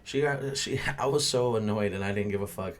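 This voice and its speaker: A man's voice: lowish voice, a little fast, a little hiss or hum. A young man who hosts a podcast and works as a bartender, telling a story in a blunt, ranting way and swearing freely. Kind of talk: casual profane storytelling.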